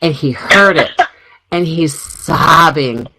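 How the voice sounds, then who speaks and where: On a rough recording, a middle-aged radio co-host shares family stories in a chatty manner, with frequent laughter. She speaks slowly in a low voice that sounds pushed and bright.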